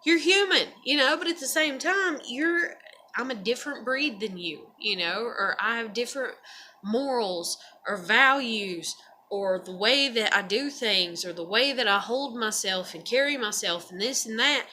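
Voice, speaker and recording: Bright-voiced woman ranting casually. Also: fairly high pitch, animated, measured pace, slight background noise. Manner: profane, meandering, with laughs and sighs. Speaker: vlogger. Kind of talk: casual rambling monologue.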